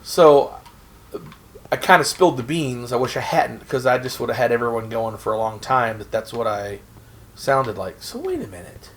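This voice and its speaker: A man's voice: mid-range voice, very animated, moderate pace, slight background noise. A man from Oklahoma chatting casually and rambling in a goofy way while he plays a game on stream. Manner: rambling, goofy, self-talk while playing. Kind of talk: casual gameplay chat.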